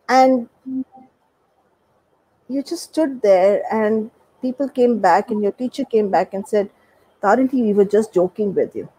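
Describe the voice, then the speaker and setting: A woman's voice: medium pitch, warm tone, low-quality recording. A woman, a doctor and guest expert, explaining in a conversational way and acting out everyday examples. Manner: explanatory, acts out examples with quoted voices.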